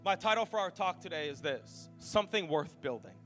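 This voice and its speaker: A man's voice: high voice, lively intonation, a little fast, fairly bright tone. A man in his thirties preaching a sermon as pastor, casual and joking, often poking fun at himself. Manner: casual, joking, self-deprecating. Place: large church auditorium. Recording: long hall reverb with faint music.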